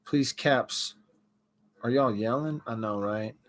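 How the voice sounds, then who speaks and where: A man's voice: medium pitch, takes it slowly. A middle-aged man casually chatting on a livestream, reacting to viewers' comments as he talks. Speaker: livestream host.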